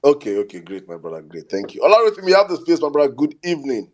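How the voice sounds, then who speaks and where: Fast lively Nigerian host. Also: male voice, a little high. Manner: teasing, mixes in Pidgin. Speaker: host of a live audio chat. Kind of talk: moderating a live audio chat.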